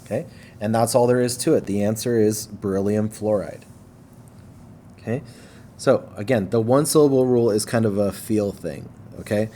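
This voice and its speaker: A man with a somewhat low voice walks through a recorded lesson at an easy pace. He checks in with listeners again and again and slows down to stress syllables when it matters. A faint hiss of room ambience sits under the voice. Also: mellow. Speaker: teacher.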